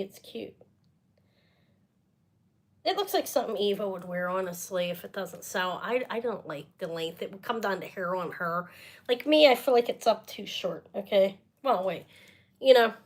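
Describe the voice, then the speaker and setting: A woman's voice: on the high side, fairly bright tone. A middle-aged woman selling jewelry on a live stream, chatting casually and rambling with muttered asides. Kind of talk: casual live sales chat.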